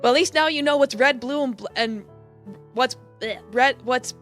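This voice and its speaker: A woman's voice: high voice, moderate pace, fairly bright tone, soft background music. A young woman streamer chatting and joking through a game, rambling with lots of fillers. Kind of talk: live game commentary.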